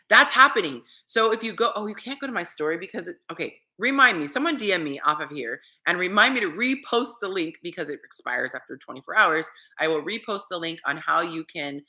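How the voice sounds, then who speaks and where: Lively, bright-voiced woman dating coach. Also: sits low. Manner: chatty and animated, talking straight to viewers. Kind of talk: casual livestream chat with viewers.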